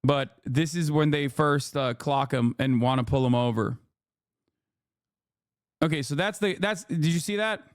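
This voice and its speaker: A man commenting over a video in a casual, emphatic way, swearing freely and checking in with his listeners as he goes. His voice sits a little high. The sound is dry and close. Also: unhurried, pauses often, no room sound. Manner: profane, emphatic, keeps saying "okay?".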